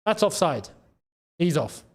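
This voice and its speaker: A man hosts a live football watchalong and talks to his viewers as the match plays. His voice sits high and swings widely in pitch. He breaks into shouts at goals and near misses. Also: sing-song, slow.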